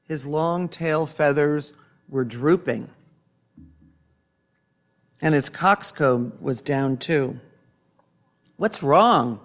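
Gentle storybook narrator, male; unhurried, slightly high. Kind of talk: storybook reading aloud.

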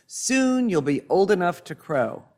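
A man's voice: high-pitched, big pitch swings, unhurried, darkish tone. A man voicing the youngest lamb in a storybook, exclaiming eagerly. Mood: excited. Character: excited youngest little lamb.

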